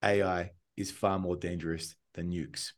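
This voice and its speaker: A man co-hosting a podcast, speaking calmly and reading quotes in a measured way. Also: low-pitched. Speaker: podcast co-host. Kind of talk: casual chat, reading quotes aloud.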